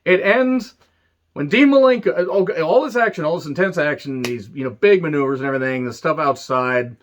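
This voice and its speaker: A man giving a casual, animated review of an old wrestling show, swearing freely and tossing in sarcastic asides. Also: on the high side, brisk, a little hiss or hum. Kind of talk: casual retro review monologue.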